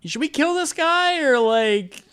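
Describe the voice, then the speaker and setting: A man voicing a rowdy young male street gang member, loud and profane, during a tabletop game. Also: very high voice, animated, unhurried, pitched above the performer's own voice, full character voice. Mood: rowdy excited.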